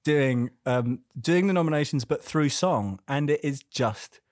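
A man's voice: a little high, lively intonation, measured pace, darkish tone, no room sound, clean studio sound. A man co-hosting a casual film podcast, rambling and joking, laughing often. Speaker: podcast co-host. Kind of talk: casual chat about films.

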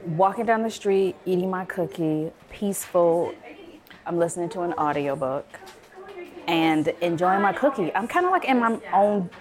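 A Chicago woman who works as a wine consultant tells stories in a casual vlog, speaking at normal speed with a fairly low pitch. She's animated and acts out the voices of the people in her stories.

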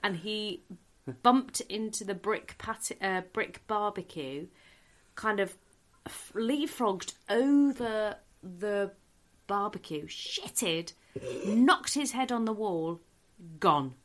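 At a slow pace and medium pitch, a middle-aged woman tells a comic anecdote as a comedian guest on a podcast. She's a lively storyteller who laughs through her own account.

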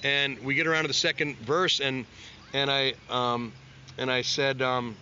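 A man's voice: mid-range voice, steady tone, moderate pace, bright, forceful tone. A man, a musician, telling a casual, rambling studio anecdote and acting out the people in it. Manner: rambling, self-mocking storyteller who acts out quotes. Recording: dull lo-fi sound with faint noise.

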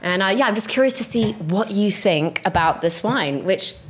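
A woman's voice: medium pitch, animated, normal speed. A young adult woman, hosting a casual podcast and chatting enthusiastically about wine, with frequent fillers. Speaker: podcast host, wine expert.

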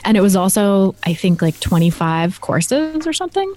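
A woman's voice: mid-range voice, very animated, moderate pace, darkish tone. A woman, a dietitian, chatting casually with many fillers and frequent laughs. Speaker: guest, dietitian. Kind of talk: casual chat.

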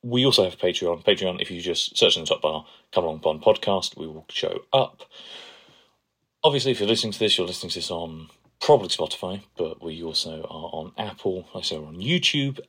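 Co-host, man, very low voice, playful and gushing. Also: lively intonation, brisk, fairly bright tone, slightly rough. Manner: playful, enthusiastic, gushes over quotes. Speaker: podcast co-host. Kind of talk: casual chat.

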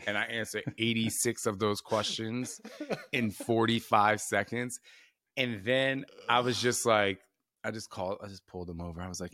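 A man's voice: lowish voice, steady tone, moderate pace, bright, forceful tone, dry recording. A man in his forties hosting a podcast, chatty and casual, laughing often and using many fillers. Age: 40s. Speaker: podcast host.

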